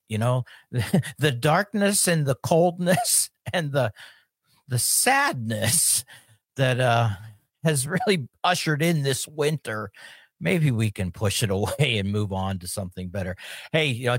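Lively, joking male podcast host. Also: medium pitch, dry recording, studio quality. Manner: lively, joking, laughs often. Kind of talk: casual chat.

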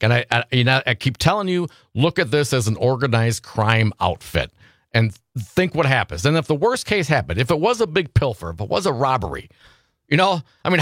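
A man's voice: medium pitch, a bit bright, no room sound, clean studio sound. A man hosting a talk radio show, chatting casually about politics, full of rhetorical questions and repeated words.

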